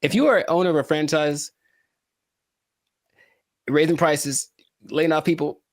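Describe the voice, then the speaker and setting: A man co-hosting a casual podcast, talking in a joking, rambling way with animated asides. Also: a little high, unhurried, dry recording, clean studio sound. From California. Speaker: podcast co-host.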